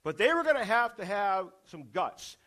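Male preacher, higher voice, sermon delivery, rhetorical questions, repeats lines for emphasis. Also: big pitch swings, normal speed, pushed and bright.

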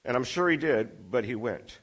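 A man preaching a sermon, retelling a story with lively acted-out dialogue and climbing intensity. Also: mid-range voice, moderate pace, slightly rough. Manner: animated storytelling, acting out dialogue with rising intensity.

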